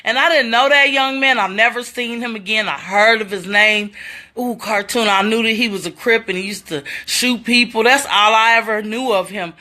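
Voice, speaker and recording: Woman vlogging a story, bright high-ish voice, animated, talks to viewers like y'all. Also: normal speed. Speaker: vlogger telling a personal story. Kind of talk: casual storytelling to camera.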